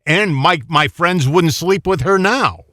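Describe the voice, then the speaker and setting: A man's voice: a little high, unhurried, bright, forceful tone, no room sound, studio quality. A man co-hosting a casual talk show, making his points in an emphatic, insistent way. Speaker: co-host. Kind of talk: casual chat.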